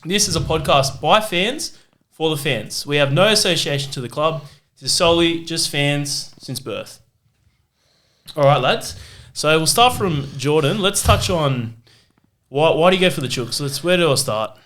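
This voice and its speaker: Bright-voiced young Australian man hosting. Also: on the high side, animated, moderate pace. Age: young adult. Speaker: podcast host. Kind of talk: casual chat.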